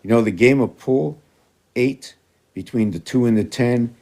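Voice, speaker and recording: A man's voice: mid-range voice, measured pace, dark tone. A man in a rambling, casual monologue who talks to his cats in a raised, coaxing voice and jumps between loose ideas.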